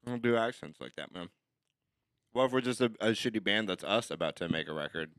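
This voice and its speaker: A man on a comedy podcast handing out roles and laughing along, talking in a chatty, easy way. His voice is low with lively ups and downs, recorded close and dry. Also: brisk, dry recording. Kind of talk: casual comedy chat.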